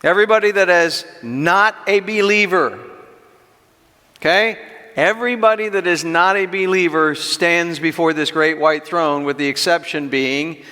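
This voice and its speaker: A middle-aged man preaching an expository sermon in a fairly high, bright and forceful voice. He drives his points home with rhetorical questions and slows down on the key words. His voice rings out with a long reverb, as in a church hall. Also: smooth. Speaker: pastor teaching an equipping class.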